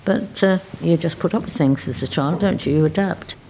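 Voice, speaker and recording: Low gravelly older woman telling stories. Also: normal speed, a little hiss or hum. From England. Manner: lively, wry, precise storyteller. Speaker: interviewee recalling wartime childhood. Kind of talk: conversational storytelling.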